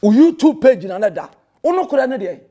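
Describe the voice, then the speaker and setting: A man's voice: extremely high pitch, sing-song, fairly quick, dark tone. A Ghanaian man, a pastor, delivering a heated and confrontational rebuttal that scolds a rival and mixes in English phrases.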